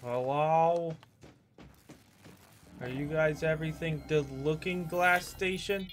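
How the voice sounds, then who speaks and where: A man streaming a horror game, jumpy and excitable, swearing and shouting at the game. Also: fairly high pitch, slow, soft background music. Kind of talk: gameplay commentary.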